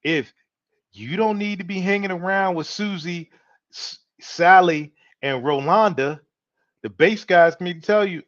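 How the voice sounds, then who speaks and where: A man with a drawl hosts his own opinion show, talking to his listeners in a loose, swaggering way. His voice sits a little high for a man. The recording is dry and dull, like a cheap home mic. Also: a little slow, no room sound. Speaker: podcast host. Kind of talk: casual opinion talk.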